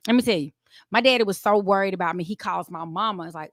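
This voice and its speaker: A woman, co-hosting a casual talk show and telling stories in an animated, excitable way. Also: mid-range voice, quick pace, dry recording, clean studio sound. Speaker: co-host.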